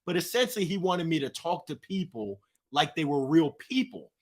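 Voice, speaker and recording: A middle-aged man with a fairly high voice tells stories with lots of energy. His pitch jumps around a great deal as he acts out the other people in his stories, in an animated, engaging way. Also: normal speed. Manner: lively, acts out voices in anecdotes. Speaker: guest. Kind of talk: animated storytelling.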